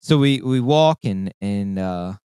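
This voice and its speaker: A man's voice: fairly low pitch, slow, clean tone, no room sound. A man casually telling a long hunting story, swearing a lot and acting out voices and calls. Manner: profane, animated, acts out voices and calls.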